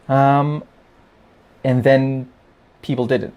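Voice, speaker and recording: Slow-talking, wry podcast host man. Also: mid-range voice, darkish tone. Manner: wry, joking delivery. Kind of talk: casual podcast monologue.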